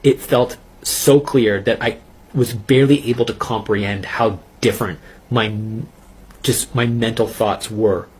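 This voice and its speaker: A man telling his personal faith testimony in an earnest, intense way, pausing and restarting as he recounts it. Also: medium pitch, steady tone, darkish tone, slightly rough. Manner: earnest, intense storytelling with halting pauses. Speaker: testimony speaker.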